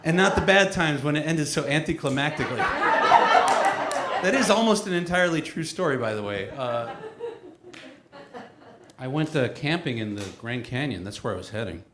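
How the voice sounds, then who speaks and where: A man's voice: fairly high pitch, expressive, moderate pace, pauses often, roomy sound, noisy background. A man performing a stand-up comedy set, telling stories in a wry, self-mocking way.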